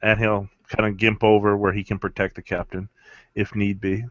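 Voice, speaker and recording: Low-voiced man playing a tabletop game. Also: flat delivery, moderate pace, noisy background. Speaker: player. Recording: dry, dull lo-fi recording.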